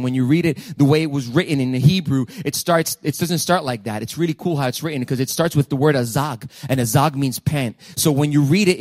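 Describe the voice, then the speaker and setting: A man preaching a sermon with a somewhat high voice, leaning hard on his words and then dropping to a hush. The sound is close and dry, with hardly any room around it. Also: dry recording. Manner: emphatic preaching, swinging from loud to hushed. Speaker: pastor. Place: church sanctuary.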